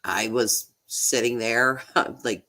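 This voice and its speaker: A woman, a true crime YouTuber, talking casually on a livestream, halting and repeating words, emotional and slightly nasal from holding back tears. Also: very deep voice, fairly even intonation, bright, forceful tone.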